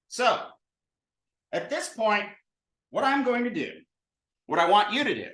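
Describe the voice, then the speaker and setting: A man teaching a Sanskrit class, lecturing in a playful, animated way and thinking aloud with restarts. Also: high voice, reverberant. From United States.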